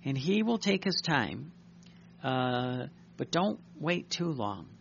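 Gravelly-voiced man preaching a sermon. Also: medium pitch, big pitch swings, slow pace, a bit bright, a little hiss or hum. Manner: earnest, reflective preaching with frequent restarts. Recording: dull lo-fi recording.

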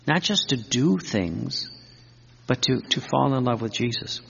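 A man gives an earnest sermon, circling back over his words and piling up long devoted lists. His voice is heavily gravelly and husky at a middling pitch. The sound is dull and lo-fi, with a long hall reverb trailing behind it. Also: animated, a little slow, fairly bright tone. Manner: earnest, repetitive, with restarts and fervent lists. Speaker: preacher.

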